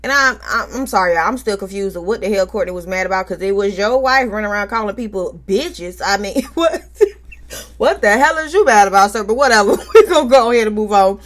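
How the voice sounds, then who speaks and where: A woman's voice: medium pitch, animated, fairly quick. A woman hosting a casual reality TV recap, sassy and outspoken, with frequent asides. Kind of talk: casual episode recap commentary.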